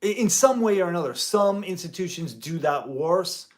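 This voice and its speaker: A man's voice: high voice, animated, moderate pace. A man who teaches music part-time, talking in a rambling vlog commentary with many restarts and mild euphemistic cursing.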